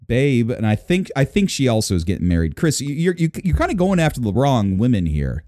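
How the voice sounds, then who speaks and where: A man's voice: medium pitch, very animated, fairly quick, hardly any pauses, dark tone, no echo, studio quality. A man hosting a podcast in casual banter, teasing and crude, laughing often. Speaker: podcast host.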